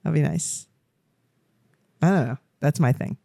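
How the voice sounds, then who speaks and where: A woman's voice: low voice, unhurried, gravelly, mellow, dry recording. Chatty middle-aged woman, dry close mic. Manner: chatty, emotional, laughs often. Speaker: podcast co-host, new grandmother. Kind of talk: casual family chat.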